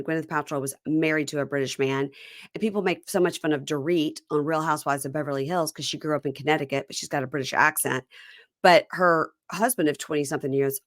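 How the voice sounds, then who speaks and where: A woman's voice: sits low, no room sound, clean studio sound. A woman with a Southern American accent hosting a podcast, chatting casually and playfully. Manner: chatty, playful, does mocking impressions. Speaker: podcast host. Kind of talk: casual chat.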